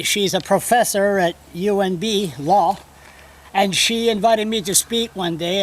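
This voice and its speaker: A man with a notably high voice rambles bluntly through his opinions, drifting from point to point and swearing now and then. He talks off the cuff to a camera that someone else holds, and faint background noise runs under the voice. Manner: rambling, blunt and digressive, with profanity. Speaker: blogger. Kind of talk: off-the-cuff video commentary. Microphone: camera held by another person.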